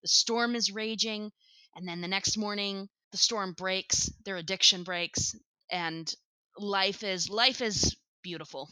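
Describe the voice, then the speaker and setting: A woman co-hosting a casual podcast chat, excitable and quick to laugh, swearing casually. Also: mid-range voice, clean tone, no room sound. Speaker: podcast co-host.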